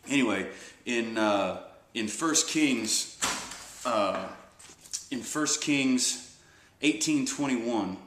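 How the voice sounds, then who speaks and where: A man's voice: medium pitch, expressive, very slow, pauses often, fairly bright tone, reverberant. A man casually retelling a Bible story as a devotional speaker, rambling with many fillers and restarts.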